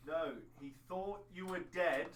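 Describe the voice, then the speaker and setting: A man's voice: sits high, unhurried, a bit bright, pitched above the performer's own voice. A man playing a small, blunt and grumpy orc in a wizard's hat, in a tabletop game. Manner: blunt, grumbling. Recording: distant mic with background noise.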